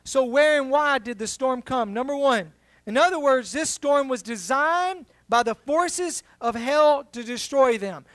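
Pastor, middle-aged man, high voice, close dry mic; jokes, then preaches hard. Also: expressive, measured pace, fairly bright tone, no room sound. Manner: humorous storytelling, rising to emphatic preaching. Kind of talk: sermon.

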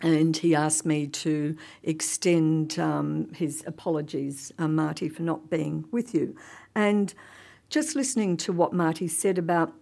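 A woman's voice: low voice, steady tone, unhurried, gravelly, dark tone. A woman giving a chatty conference talk, with many ums and frequent laughs. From Australia. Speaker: conference panel speaker. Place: conference hall.

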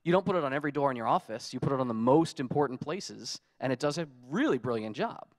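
A man giving a conference talk, telling lively stories and acting out his own frustrated quotes. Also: mid-range voice, quick pace. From United States. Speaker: conference speaker. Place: conference hall.

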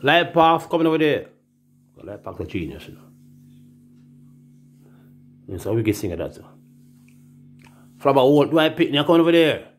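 A man's voice: medium pitch, big pitch swings, normal speed, long pauses. A man with a Jamaican accent, telling rambling, profane stories in casual talk and acting out the voices he quotes.

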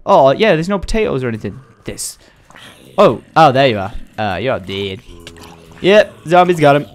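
A man's voice: medium pitch, sing-song, normal speed. A young man giving playful commentary while playing a game, with theatrical outbursts and bits of mock singing. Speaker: gaming video host. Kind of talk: Minecraft let's play commentary.

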